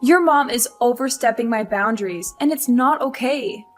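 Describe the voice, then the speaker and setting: A woman's voice: on the high side, moderate pace, close to an everyday voice. An actress playing a frustrated young career wife who complains about her mother-in-law, over faint music. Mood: upset. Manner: upset, complaining.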